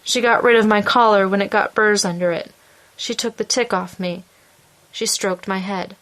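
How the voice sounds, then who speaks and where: An earnest stray dog from a storybook speaks up in a plain, simple way, as a woman reads its lines. Her pitch sits in the middle. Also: steady tone, moderate pace, fairly bright tone, natural voice.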